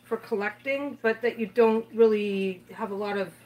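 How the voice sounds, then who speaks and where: A woman's voice: mid-range voice, moderate pace, a little mellow, rough recording. A woman co-hosting a casual livestream with her spouse, teasing and joking. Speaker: co-host, spouse.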